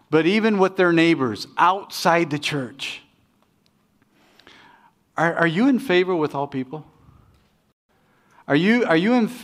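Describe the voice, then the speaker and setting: Middle-aged man, pastor, sermon, conversational, self-deprecating, slightly high voice. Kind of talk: sermon with personal stories.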